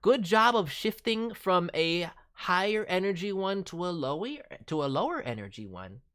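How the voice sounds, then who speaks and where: A woman's voice: on the low side, sing-song, moderate pace, a bit bright. A woman voice director giving casual, conversational feedback on demo reels. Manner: conversational, repeats words, frequent fillers. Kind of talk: casual critique.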